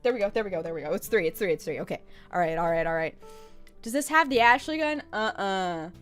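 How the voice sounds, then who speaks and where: A young woman chatting casually on a live stream, chaotic and jokey, with quick swings of mood. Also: medium pitch, animated, clean tone, soft background music.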